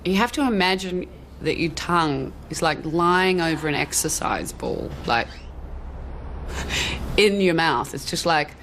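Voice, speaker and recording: A woman's voice: sits low, expressive, unhurried, fairly bright tone, a little hiss or hum. A woman with an Australian accent, chatting casually in an interview with lots of fillers. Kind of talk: interview answers in a TV documentary.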